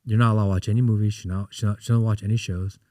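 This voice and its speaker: A man in his thirties, a podcast guest, chatting casually and telling animated stories in which he acts out what people said. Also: lowish voice, racing, dry recording, clean studio sound. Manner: animated storyteller, acts out quotes. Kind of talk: casual interview chat.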